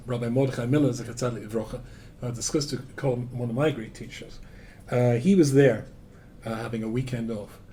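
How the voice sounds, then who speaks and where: A rabbi from Scotland, speaking with a Scottish accent, gives a Torah lecture to a live audience. He tells stories with self-deprecating humor and swings between loud emphasis and quiet asides, at a medium pitch with slight background noise.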